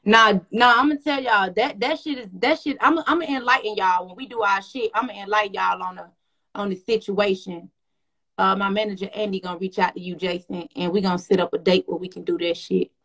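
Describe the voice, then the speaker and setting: A woman hosting a casual phone livestream, talking loudly and profanely in a rambling way. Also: mid-range voice, steady tone, brisk. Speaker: livestream host.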